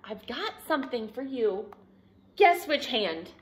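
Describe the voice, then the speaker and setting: Woman doing a gentle dad, picture book, slow, reassuring. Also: a little high, big pitch swings.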